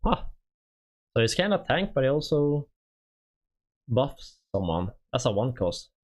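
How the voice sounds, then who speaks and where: Streaming in a loose, faltering way full of fillers, a Swedish-accented man who speaks Swedish natively goes over game units. He has a mid-range, somewhat dark voice and is very animated.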